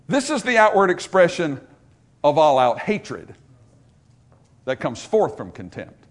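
Pastor guy preaching, kinda high voice, swoops up and down a lot, cracks little jokes as he goes. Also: measured pace, long pauses. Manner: animated preaching with joking asides. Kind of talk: sermon.

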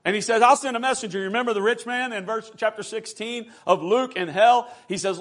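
A man preaching a sermon, reading scripture aloud and addressing the congregation directly, swinging between hushed and loud. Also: sits high, fairly quick, hardly any pauses. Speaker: pastor.

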